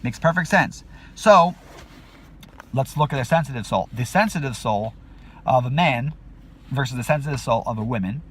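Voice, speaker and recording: A man's voice: expressive, normal speed, long pauses, a bit bright, slightly rough. A man hosting a video, talking in a casual rambling monologue full of restarts and fillers. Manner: acts out quotes with sudden high-pitched outbursts. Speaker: video host.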